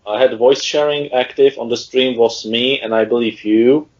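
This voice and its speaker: A man's voice: mid-range voice, fairly even intonation, moderate pace, muffled recording. A man who is a podcast guest, explaining things in a hesitant, careful way during a casual chat.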